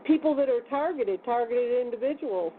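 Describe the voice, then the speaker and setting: A woman hosting a radio talk show who tells stories in a rough, plainspoken way and laughs often. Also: on the high side, lively intonation, normal speed. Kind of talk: casual storytelling chat. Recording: tinny phone line with faint noise.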